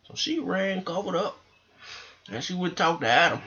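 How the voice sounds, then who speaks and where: Man, lively swooping pitch, profane comic storyteller, dull lo-fi recording. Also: moderate pace. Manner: animated, profane, rambling storytelling. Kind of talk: comedic monologue. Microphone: microphone.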